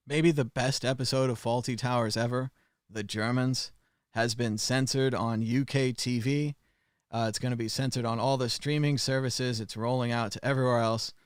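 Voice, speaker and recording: A man's voice: medium pitch, steady tone, moderate pace, clear, resonant tone, dry recording, clean studio sound. A man hosting a casual news commentary livestream, chatty and sarcastic, with lots of filler sounds. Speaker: show host.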